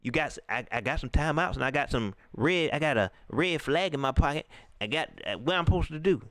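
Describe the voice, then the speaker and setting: A man's voice: fairly high pitch, expressive, fairly quick, a bit bright, dry recording, voice pushed down. A man putting on a clueless male football coach who hesitates and rambles unsure of himself. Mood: bumbling.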